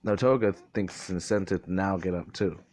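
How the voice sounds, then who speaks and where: A man's voice: sits low, a little fast, a little mellow. A young man casually improvising a fan-fiction story, rambling, swearing a lot and constantly correcting himself. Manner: rambling, profane, self-correcting.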